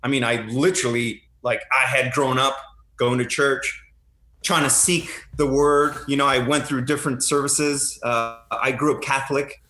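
A man's voice: mid-range voice, normal speed, echoey room. A man in his thirties, a retired Army helicopter pilot, telling stories in a casual chat and animating the lines he quotes. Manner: animated storyteller who acts out quoted lines.

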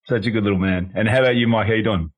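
A man hosting a podcast in a casual chat. His voice is very deep with a husky edge. He sounds upbeat and enthusiastic and likes to tease his co-hosts. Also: racing. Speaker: podcast host.

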